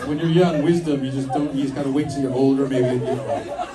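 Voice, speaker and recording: A man doing a stand-up set on stage, landing teasing punchlines with dry pauses. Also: mid-range voice, steady tone, over a noisy crowd. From Ojibwe community. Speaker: stand-up comedian. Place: comedy show stage on a campus, indoors. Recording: roomy stage sound from far off, loud audience laughter. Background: audience laughing.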